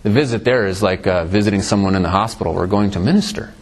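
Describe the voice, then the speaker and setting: A man preaching a sermon, reading scripture and explaining it, his voice dropping low and rising again for emphasis. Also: quick pace.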